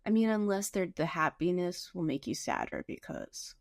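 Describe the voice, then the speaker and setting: A woman's voice: on the low side, expressive, moderate pace, vocal fry. A woman co-hosting a casual recap podcast, recounting the scenes. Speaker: podcast co-host.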